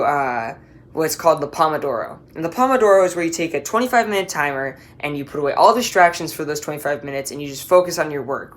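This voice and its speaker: A woman giving a class presentation as a student, explaining with playful analogies and talking straight to the listener. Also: fairly low pitch.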